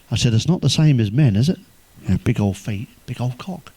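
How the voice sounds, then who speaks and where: A man telling crude stand-up jokes, swearing constantly, delivering deadpan one-liners and laughing at his own punchlines. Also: mid-range voice, fairly quick, no room sound. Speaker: comedian.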